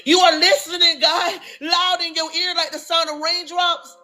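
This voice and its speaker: A woman's voice: very high-pitched, flat delivery, moderate pace, bright, forceful tone, faint music behind. A woman who is a mother performing spoken word poetry with impassioned, preaching cadence and repeated refrains. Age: adult, a mother. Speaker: performing poet.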